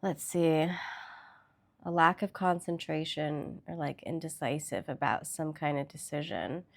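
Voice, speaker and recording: A woman with a lowish voice hosts a casual tarot reading vlog. She talks in a loose, chatty way and lets the odd swear word slip. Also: unhurried, gravelly. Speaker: tarot reader.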